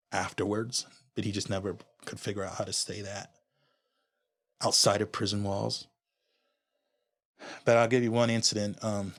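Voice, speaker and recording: A man from Honduras, a guest on a podcast, candidly and reflectively recounting his own story, often restarting his sentences. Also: lowish voice. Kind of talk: personal storytelling in an interview.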